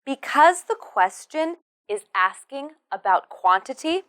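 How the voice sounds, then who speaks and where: A woman's voice: high-pitched, big pitch swings, unhurried, a bit bright. A woman teaching English to beginners, speaking patiently and repeating words syllable by syllable. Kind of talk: slow pronunciation drill for beginners.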